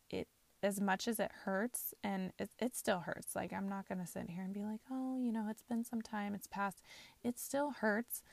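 A woman's voice: mid-range voice, vocal fry, darkish tone, no echo. A woman in her twenties hosting a podcast, telling a personal story candidly with frequent fillers. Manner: candid, frequent fillers, laughs while talking. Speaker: podcast host.

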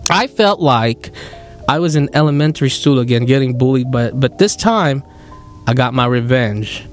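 A man with a Filipino accent hosting a podcast, telling a story in a casual, animated way and jumping into high excited voices for the people he quotes. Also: normal speed, faint music behind. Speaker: podcast host.

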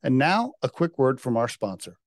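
A man's voice: medium pitch, big pitch swings, moderate pace, slight background noise. A man hosting a podcast, talking loosely and rambling with lots of fillers like uh and you know. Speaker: podcast host. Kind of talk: casual interview chat.

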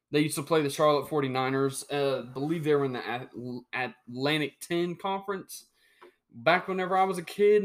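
A young man hosting a sports talk podcast, reading out rankings and ranting heatedly with sudden jumps in loudness. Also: fairly high pitch. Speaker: podcast host.

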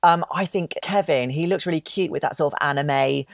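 A man chats on a podcast in a gossipy, camp manner with playful asides. His voice sits dry and close, with no room sound. He keeps an easy, unhurried flow. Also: a little high, creaky, dry recording. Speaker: podcast co-host. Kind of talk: casual chat.

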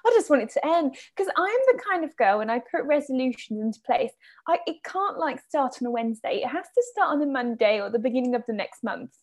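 A young woman in her twenties chats on her podcast in a high, bright voice. She is bubbly and theatrical and laughs easily. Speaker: podcast co-host. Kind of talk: casual chat.

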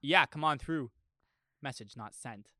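A man's voice: mid-range voice, a little slow, pushed and bright, dry recording, clean studio sound. A young man chatting on a podcast, laid-back and telling stories, dropping "bro" often. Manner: laid-back, storytelling, says "bro" a lot. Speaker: podcast co-host. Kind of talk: casual chat. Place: podcast studio.

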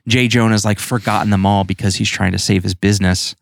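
A man's voice: on the low side, a little fast, gravelly, no room sound, studio quality. A man co-hosting a podcast, chatting casually and rambling animatedly about a comic book. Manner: rambling, animated, restarts often. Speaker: podcast co-host.

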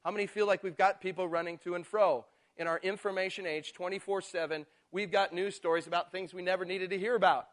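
A man with a high voice preaching a sermon. He drops to soft, low asides, then climbs into loud, drawn-out emphasis. Now and then he mimics people's excuses in a mocking tone. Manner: swings from quiet asides to loud, slow emphatic build-ups.

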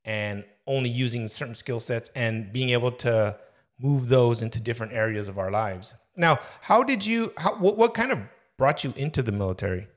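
A man's voice: mid-range voice, animated, normal speed. Man hosting a casual interview. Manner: friendly, rambling questions. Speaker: podcast host.

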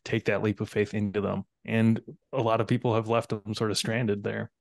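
A man speaking as a guest on a casual podcast, explaining his view in a measured, wry way. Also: lowish voice, flat delivery, vocal fry, no echo, clean studio sound.

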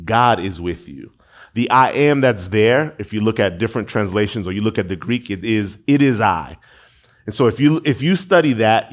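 A man preaching a sermon in a casual, conversational way, asking his listeners questions and going low and soft when he reads scripture. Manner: conversational, asks the audience questions. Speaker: pastor.

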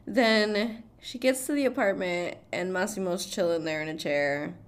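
A woman's voice: fairly low pitch, moderate pace. A young woman casually recapping a film plot, chatty and loose. She swears freely and breaks into laughter often. She keeps leaning on "like" and "blah, blah" to skip through the story.

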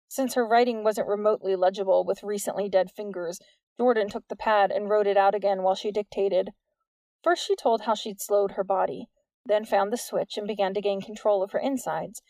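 A woman giving steady, measured scripted narration of a novel into a close studio mic. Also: medium pitch, no room sound. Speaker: audiobook narrator.

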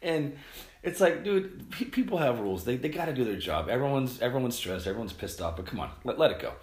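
A middle-aged man rambling casually to camera at home, telling stories in an animated, swearing way. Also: medium pitch, brisk. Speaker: vlogger. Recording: roomy echo.

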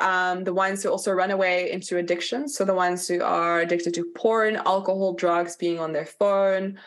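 A woman leading a live online workshop, talking candidly and chattily, full of "like" fillers and blunt swearing. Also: lowish voice. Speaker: workshop facilitator.

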